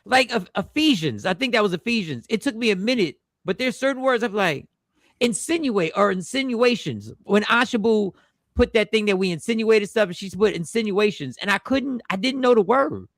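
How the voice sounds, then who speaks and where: A man's voice: high-pitched, animated, moderate pace, a bit bright, dry recording, clean studio sound. A man hosting a casual livestream, joking loosely and swearing now and then. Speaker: livestream host.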